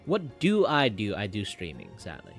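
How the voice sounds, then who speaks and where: A man's voice: wildly swooping pitch, normal speed, vocal fry, faint music behind. A young man from Malaysia, chatting casually while drawing on a stream and rambling with lots of filler words. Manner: rambling, many filler words, flips between a low voice and a higher one.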